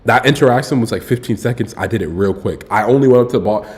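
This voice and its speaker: A man's voice: medium pitch, fast talker, darkish tone. A young man streaming live, telling a story in a loose, candid way and saying "bro" and "like" a lot.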